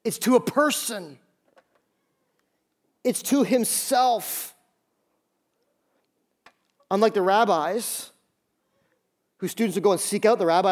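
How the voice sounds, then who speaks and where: Male pastor, higher register, emphatic sermon delivery, acts out quoted lines. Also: slow pace, long pauses. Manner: emphatic preaching with repeated phrases.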